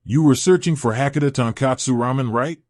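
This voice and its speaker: A man's voice: medium pitch, fairly quick, no echo, studio quality, close to an everyday voice. A man voicing a kindly old man in his eighties. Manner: gentle, elderly, given to hearty laughs.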